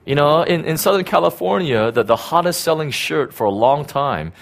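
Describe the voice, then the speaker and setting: A man's voice: a little high, expressive, normal speed, vocal fry. A middle-aged man, a pastor, telling a personal story in a casual, rambling sermon with many fillers and restarts.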